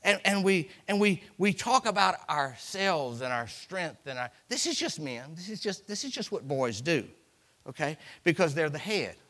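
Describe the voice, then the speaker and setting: A man's voice: a little high, sing-song, moderate pace, fairly bright tone. A middle-aged man preaching a sermon in a folksy storytelling way, acting out voices and repeating words for effect.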